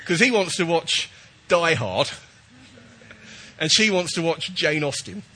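A man's voice: fairly high pitch, big pitch swings, measured pace, sharp tone. A man preaching a chatty, jokey sermon while he has a cold, often checking in with his listeners.

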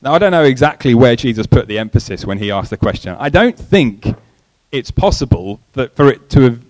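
A man preaching a sermon, in a conversational way, often repeating words and pausing. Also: mid-range voice, very animated, a little mellow, dry recording, rough recording.

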